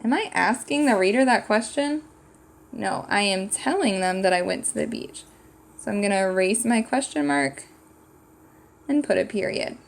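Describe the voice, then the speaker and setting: A woman's voice: mid-range voice, lively intonation, normal speed, creaky, slight background noise. A woman teaching a writing lesson to young children, patiently thinking aloud and sounding out words. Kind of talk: slow, clear classroom lesson for young children.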